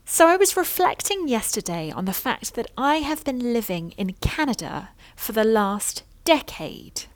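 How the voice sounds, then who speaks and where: A woman's voice: a little high, big pitch swings, measured pace, no room sound. A woman with a British received pronunciation accent, an accent coach talking thoughtfully to camera with precise diction. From Britain. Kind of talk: reflective talk to camera.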